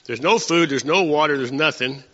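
A man's voice: on the high side, normal speed, fairly bright tone. A man preaching a conversational sermon, teaching from scripture and asking his listeners rhetorical questions. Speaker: pastor. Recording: dull sound with long hall reverb.

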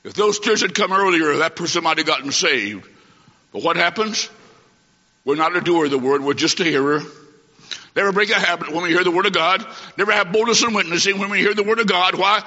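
A man preaching an emphatic sermon in a church, swinging from loud declarations to hushed asides. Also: high-pitched, fairly quick. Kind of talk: fiery sermon. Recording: dull lo-fi sound in a reverberant hall.

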